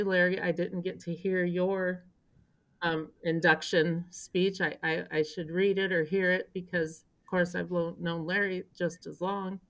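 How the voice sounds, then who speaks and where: Older woman, lively emotional storyteller. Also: on the low side. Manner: animated storyteller, acts out quotes, turns emotional. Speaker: interview guest, longtime local government official. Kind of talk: storytelling in a podcast interview. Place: indoor podcast recording.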